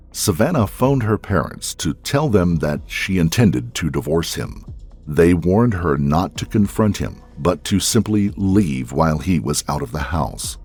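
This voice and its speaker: A male narrator reads a true-crime script in a measured storytelling manner. His voice is very low and husky. His pitch still rises and falls a lot. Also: a little mellow.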